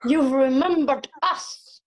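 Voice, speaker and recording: A performer voicing a strange witch from the weird sisters who talks slowly and drags out words. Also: high voice, low-quality recording. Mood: eerie. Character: high-voiced strange witch.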